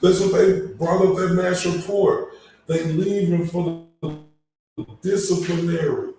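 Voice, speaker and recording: Angry male commentator, slow, profane rant, mellow tone, far off in a reverberant room with light noise. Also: high-pitched, fairly even intonation, faint music behind. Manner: angry, heavy swearing, drawn-out complaints. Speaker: online commentator. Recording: very echoey room, far from mic, faint noise.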